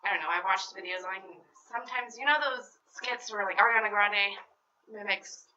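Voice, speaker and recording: A woman chatting as a guest on a podcast, enthusiastic and quick to laugh. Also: medium pitch, bright, forceful tone. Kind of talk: casual chat. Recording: slightly dull lo-fi recording, faint background noise.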